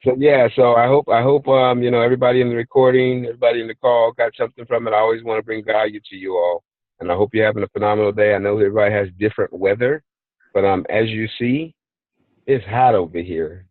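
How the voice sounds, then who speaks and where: A man's voice: lowish voice, fast, no echo, phone-quality sound. A man hosting a team call, talking casually and energetically, telling stories and urging listeners on. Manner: energetic, storytelling, plays out voices in quotes. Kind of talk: casual motivational talk. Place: hot place, remote recording.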